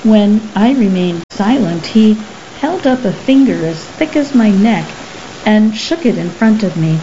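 Slow, mellow woman reading a story. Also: mid-range voice, expressive, highs cut off, slight background noise. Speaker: narrator. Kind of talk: first-person story reading.

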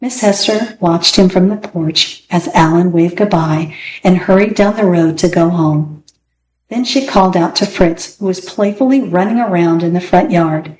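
A woman's voice: on the low side, normal speed, a little mellow. Woman reading picture books aloud. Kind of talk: read-aloud storytelling. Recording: roomy echo, faint room noise.

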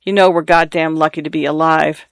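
A jovial older man who loves telling a good story and ribbing his company, as a male narrator plays him. His voice is smooth and a little higher than most men. The recording is close and dry. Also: little pitch movement, brisk, a bit bright, dry recording. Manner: hearty, joking storyteller. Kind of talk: audiobook character reading.

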